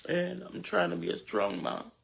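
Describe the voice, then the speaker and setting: A mother giving an emotional public statement, tearful and exhausted, halting and repeating her words as she thanks people. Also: rumbling low, sing-song, creaky. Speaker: mother of a shooting victim.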